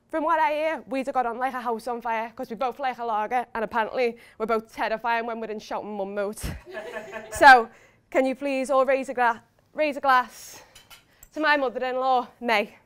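A woman's voice: on the high side, steady tone, normal speed, clean tone. A young woman giving an emotional wedding speech as the bride, laughing between lines. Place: hotel wedding reception.

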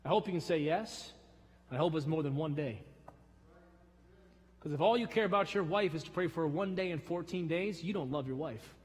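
Middle-aged male pastor, fervent sermon delivery with loud surges and hushed drops, high voice, church hall reverb. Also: brisk, pauses often. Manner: preaching with sudden loud rises and soft drops. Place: church sanctuary.

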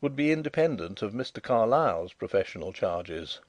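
A man reading the part of a shrewd, good-humoured gentleman detective who speaks with assured, measured courtesy. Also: fairly low pitch, very animated, no echo.

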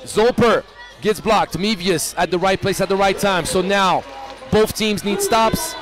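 High-voiced excitable basketball commentator, man. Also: moderate pace, faint music behind, some chatter behind. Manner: excitable, rises to shouts on big plays. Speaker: play-by-play commentator.

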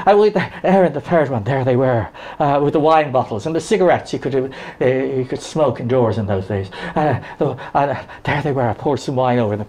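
An older man telling rambling, halting, deadpan absurd stories as a stand-up comedian on a live stage. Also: medium pitch. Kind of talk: stand-up storytelling.

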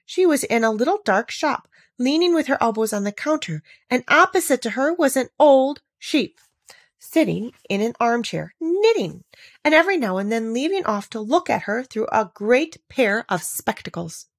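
A woman reading a classic children's storybook aloud with expressive, animated narration. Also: a little high, moderate pace, no room sound. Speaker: audiobook narrator.

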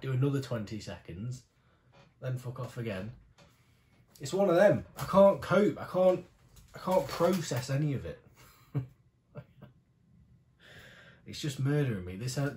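A man's voice: medium pitch, darkish tone, roomy sound. A young British man reacting to a music video, gushing and exclaiming as he is overwhelmed, with some swearing. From Britain.

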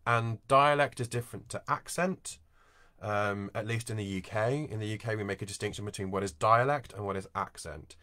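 A man teaches voice and work in a relaxed, conversational way. He walks through points with everyday examples. His voice sits fairly low yet sounds bright and forward, recorded dry and close over a video call. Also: fairly quick, no room sound. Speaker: voice and accent coach. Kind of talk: informal online teaching talk.

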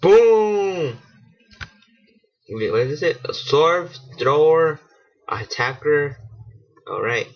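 A man giving casual let's-play commentary, excitable and swearing, laughing at himself. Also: mid-range voice, slow. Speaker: gaming channel host. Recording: dull lo-fi home mic.

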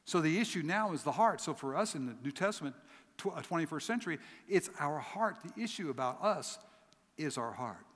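A man preaching a sermon as a guest pastor, telling stories with lively acted voices and swinging from emphatic peaks to quiet lows. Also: brisk. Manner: animated storytelling, acts out voices in his stories; rising to emphatic peaks then dropping low. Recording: long hall reverb.

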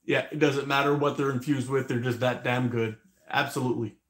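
A man's voice: medium pitch, fairly even intonation, a little fast, fairly bright tone, reverberant. A man hosting a casual live stream, rambling, laughing often and swearing freely.

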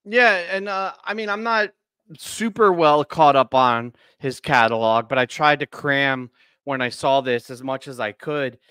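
A man hosting a casual podcast chat, animated and laughing, talking loosely with lots of fillers. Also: medium pitch, a little slow, clear, resonant tone, no echo. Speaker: podcast host.

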